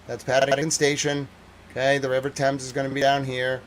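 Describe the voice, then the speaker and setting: A man hosts a livestream and rants about the news in exasperation, then settles into a measured, formal report. His voice has a middle pitch. Faint noise hums behind him. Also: completely flat delivery. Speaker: independent war reporter.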